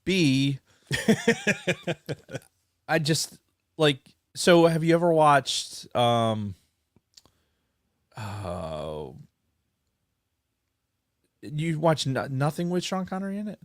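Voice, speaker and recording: A man's voice: a little high, big pitch swings, extremely slow, long pauses, no echo, studio quality. A man co-hosting a podcast in casual chat, wry and rambling, swearing as he gropes for names. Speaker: podcast co-host.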